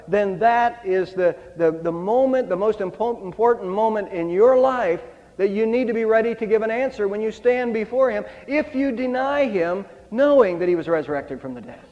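A man's voice: high-pitched, a little mellow. An older man preaching an Easter sermon, reading scripture aloud with emphasis. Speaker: pastor. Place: church sanctuary. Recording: dull sound with long hall reverb.

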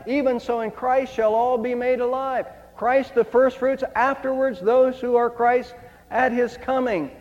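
An older man delivers a sermon in a fairly high voice, leaning hard on the scripture he reads. The recording is dull and muffled, and long reverb from the church sanctuary trails after each phrase. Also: darkish tone. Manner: preaching, reads scripture aloud with emphasis. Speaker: pastor.

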